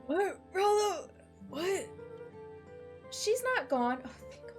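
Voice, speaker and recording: A woman voicing a quiet, sad twelve-year-old boy in a video game, reading his lines softly and earnestly. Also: on the high side, a little slow, soft background music, close to an everyday voice.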